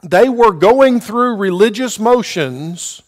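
A man's voice: high voice, lively intonation, slow pace, long reverb tail. A man teaching a Bible lesson verse by verse, asking his listeners questions and checking in with "okay" often.

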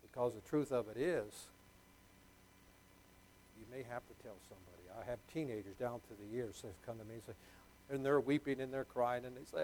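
A man's voice: mid-range voice, a little fast, a little mellow, a little hiss or hum, low-quality recording. A middle-aged man preaching a sermon, emphatic and repetitive, putting questions to the congregation. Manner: emphatic, repeats key words, quizzes the congregation. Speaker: pastor.

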